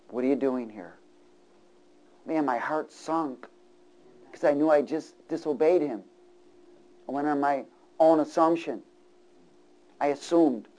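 Middle-aged male preacher, slightly high voice; big volume swings from fervent to hushed. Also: rough recording. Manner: swings from loud preaching to hushed, near-whispered lines. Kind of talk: sermon.

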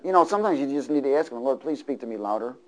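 A middle-aged male preacher giving a sermon, swinging between loud, fervent passages and hushed, near-whispered lines. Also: mid-range voice, lively intonation, rapid-fire, crowd noise, low-quality recording.

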